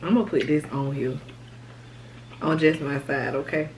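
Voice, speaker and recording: A chatty woman hosts a mukbang, talking about her food as she eats. Her voice sits low for a woman. A faint background hum runs under the talk. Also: moderate pace, darkish tone, rough recording. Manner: chatty, talks through meals. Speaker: mukbang host. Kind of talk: casual chat while eating.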